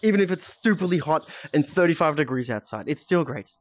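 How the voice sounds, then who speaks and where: A man's voice: a little high, animated, fairly quick. A young Australian man chatting casually on a live stream, laughing often and reading chat aloud.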